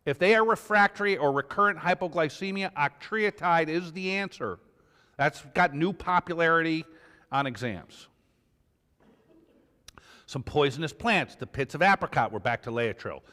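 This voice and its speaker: A man's voice: a little high, normal speed, sharp tone. Man lecturing in a reverberant hall. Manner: conversational, tells clinical anecdotes. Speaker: emergency medicine lecturer. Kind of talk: board review lecture.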